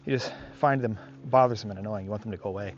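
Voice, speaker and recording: A man with a fairly low voice talks loosely and thoughtfully as a dog trainer, wandering between points and filling gaps with "um" and "like". He is out on a walk, recorded with a slightly dull tone and a faint hiss behind him. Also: racing. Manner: rambling and reflective, with many fillers. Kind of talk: casual talk to camera. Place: outdoors on a park walk.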